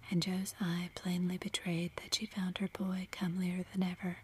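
A woman's voice: on the low side, completely flat delivery, normal speed, hardly any pauses, darkish tone, slightly rough. A woman reading a classic novel aloud as a whispered role-play in an unvoiced whisper. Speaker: reader.

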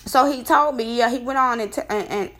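A woman casually telling a personal story, rambling and animated, her voice jumping high when she recounts her disbelief. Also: a little fast. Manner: rambling with many fillers and restarts.

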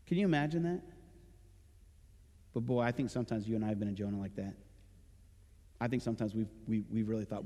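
Speaking quickly with frequent pauses, a male pastor with a lowish voice preaches in church. He addresses listeners casually, in a conversational preaching style full of rhetorical questions. The recording comes from a reverberant church hall with loud music.

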